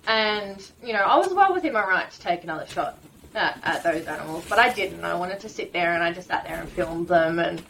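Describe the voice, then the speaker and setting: A woman from Australia with an Australian accent, a podcast guest recounting a story in animated, emotional detail and laughing often. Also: fairly low pitch, fairly quick, gravelly, slight background noise, low-quality recording. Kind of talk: casual storytelling.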